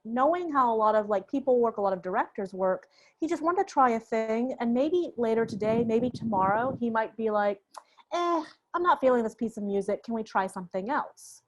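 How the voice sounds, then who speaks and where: A young adult woman guest on an interview, telling a story in a lively, laughing way and acting out the voices of the people in it. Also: on the high side. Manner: animated, laughing, acts out quoted voices. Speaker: guest sound designer.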